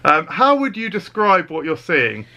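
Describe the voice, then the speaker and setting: A man's voice: sits high, sing-song, a little slow, noisy background. A man hosting a comedy podcast, telling absurd stories in a mock-serious, sweary way. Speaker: podcast host. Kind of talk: deadpan comedy podcast banter.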